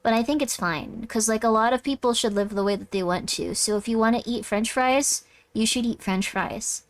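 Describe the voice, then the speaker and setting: A woman's voice: on the high side, moderate pace. A young woman streaming a game, bubbly and rambling, giggling and chatting with viewers. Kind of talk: casual let's-play chat.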